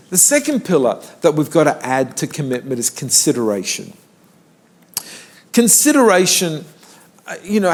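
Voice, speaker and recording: Older male pastor preaching, higher voice. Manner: conversational preaching, rises in pitch for emphasis. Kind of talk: sermon. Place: church.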